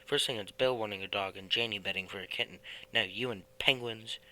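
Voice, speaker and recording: A man's voice: on the low side, a little fast, low-quality recording. A man voicing a thrifty, worried middle-aged housewife in a storybook, speaking sharply and a little cross. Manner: sharp, scolding.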